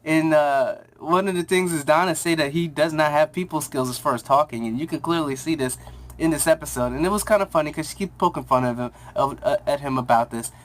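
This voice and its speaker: A TV show reviewer giving a casual episode recap, rambling with many fillers and restarts, and acting out characters' lines in quick asides. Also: medium pitch.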